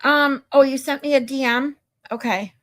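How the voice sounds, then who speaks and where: A woman talking casually to her livestream viewers, her voice sitting a little on the high side. She swears freely and grows louder when something irritates her. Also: steady tone, normal speed. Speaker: livestream host.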